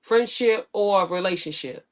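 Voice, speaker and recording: A woman co-hosting a podcast in casual chat, outspoken and animated, often acting out what other people might say. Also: medium pitch, unhurried. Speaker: podcast co-host.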